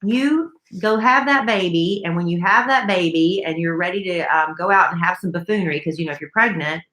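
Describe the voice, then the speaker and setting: A woman's voice: on the low side, quick pace, bright, forceful tone, echoey room. A woman co-hosting a podcast, reading listener mail in a chatty, enthusiastic way. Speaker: podcast co-host.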